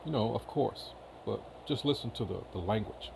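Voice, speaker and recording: A man's voice: fairly low pitch, expressive, normal speed, vocal fry, background noise. A man reading news headlines aloud in casual commentary, with many filler uhs and short asides. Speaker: commentary channel host.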